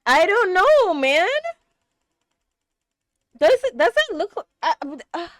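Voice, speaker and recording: A young woman reacting to an anime episode, exclaiming and gasping, swinging between hushed murmurs and loud outbursts. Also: very high-pitched, big pitch swings, takes it slowly, no echo, clean studio sound. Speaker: reaction streamer.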